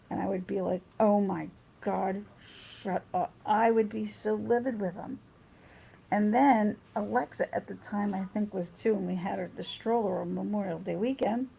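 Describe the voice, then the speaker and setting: A woman talks loosely to her viewers in a casual livestream, reading the chat and wandering between stories. Her voice is heavily gravelly with a dark, mellow tone. A faint hiss sits behind her. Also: mid-range voice, low-quality recording. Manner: rambling, personal, trails off and restarts.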